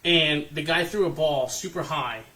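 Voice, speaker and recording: A man in his fifties, a podcast co-host, telling a profane, animated story and acting out what others said. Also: on the high side, normal speed. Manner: profane, animated, acts out quotes. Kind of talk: casual storytelling chat. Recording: distant mic, faint noise.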